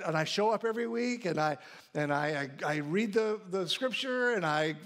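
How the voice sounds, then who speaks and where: A man's voice: sits high, fairly bright tone. A man preaching a sermon as pastor, talking conversationally and often checking in with a "right?" and restarting his phrases. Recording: church sanctuary.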